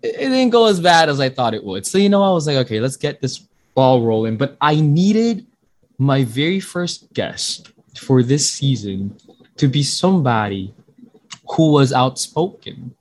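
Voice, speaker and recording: A man's voice: mid-range voice, sing-song, a little slow, a little mellow. A young man hosting a casual podcast, rambling, joking at his own expense and swearing freely. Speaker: podcast host.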